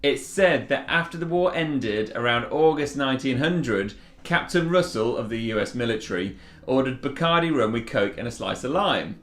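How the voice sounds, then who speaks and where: A man's voice: medium pitch, normal speed. Man, bartender host, casual cocktail demo, chatty, echoey room. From Yorkshire, England. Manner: chatty and relaxed, with fillers and restarts.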